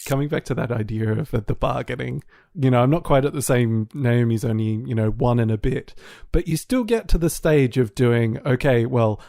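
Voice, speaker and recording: A man in his thirties, a podcast co-host who talks in a measured, reflective way. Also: medium pitch, expressive, gravelly, dark tone, no echo, clean studio sound. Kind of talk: casual chat.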